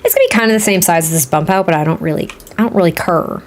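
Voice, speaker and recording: A woman's voice: fairly low pitch, rapid-fire, slight background noise. Chatty woman with a Boston accent. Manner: chatty, frank, thinks out loud. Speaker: Sims builder streamer. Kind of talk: casual gaming commentary while building.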